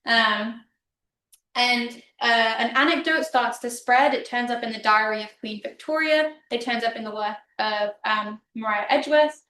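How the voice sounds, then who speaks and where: Woman lecturer, higher voice, casual and chatty, heard from off-mic in an echoey hall. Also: normal speed, sharp tone, far from the mic, slight background noise. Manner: casual, chatty, frequent ums. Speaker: history of mathematics lecturer. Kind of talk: illustrated public history talk. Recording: roomy hall, speaker off-mic.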